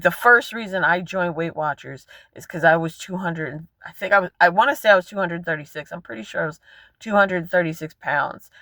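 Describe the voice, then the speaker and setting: A woman's voice: low voice, fairly bright tone, no echo. Frank, rambling woman vlogging from a car. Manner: frank, rambling, swears freely. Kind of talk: candid personal vlog.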